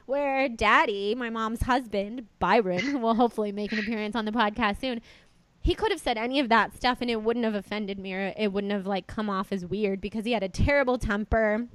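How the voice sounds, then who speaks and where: A woman's voice: medium pitch, brisk, no room sound, rough recording. Young female podcast host, gushing and dramatic, dry close mic. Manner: excitable, chatty, exaggerating. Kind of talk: casual chat.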